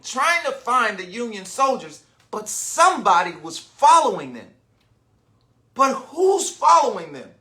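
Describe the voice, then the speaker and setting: A man's voice: high voice, bright, forceful tone. A man reading a picture book aloud to children, stopping to explain words and to ask his young listeners questions. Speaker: children's storyteller.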